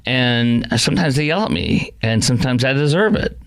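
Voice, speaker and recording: A man's voice: medium pitch, expressive, moderate pace, creaky, fairly bright tone. Emphatic male talk radio host. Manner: emphatic, rhetorical questions. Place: radio studio. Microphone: studio microphone.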